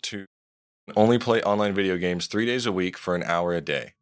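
Laid-back young man with a very deep voice. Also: normal speed, clean tone. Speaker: podcast co-host. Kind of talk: casual chat.

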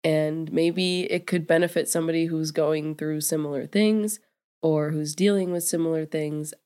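A woman's voice: low voice, steady tone, moderate pace, mellow, clear, resonant tone. A young woman hosting her own podcast alone at home, sounding congested and nasal from a cold, rambling candidly with fillers and laughs. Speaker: podcast host. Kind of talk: casual solo podcast monologue.

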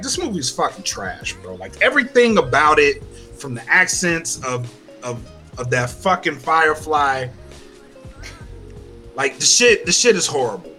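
A man hosting a casual podcast, ranting loudly with heavy swearing. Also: mid-range voice, very animated, normal speed, faint music behind. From Louisiana. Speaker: podcast host. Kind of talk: casual chat.

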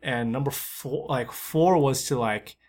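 A man's voice: medium pitch, measured pace, a little mellow. A man co-hosting a casual podcast, rambling through stories and teasing his co-host with frequent laughs. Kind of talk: casual chat.

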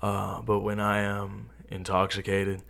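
Young man with a low, gravelly voice. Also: unhurried. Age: young adult. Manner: relaxed, rambling, many "right?" tags. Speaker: interviewee. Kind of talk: casual chat.

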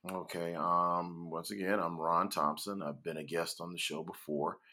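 A man's voice: sits low, fairly even intonation, moderate pace, sharp tone. A man in his forties, a guest on a podcast, talking casually and hesitantly with many fillers. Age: 40s. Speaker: podcast guest, school educator.

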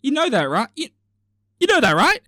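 A man's voice: extremely high pitch, wildly swooping pitch, fairly quick, bright, forceful tone, no room sound. Guy ranting alone on his podcast, sweary, all over the place, voice jumps around a lot, dry sound. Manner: rambling, sweary, exasperated. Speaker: podcast host. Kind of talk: casual solo podcast rant.

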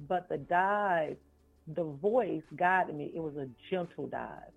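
A woman, an author and life coach, telling a personal story in a podcast interview, slow and earnest, repeating phrases for weight. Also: low-pitched, gravelly, slightly rough. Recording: phone-like line with faint music.

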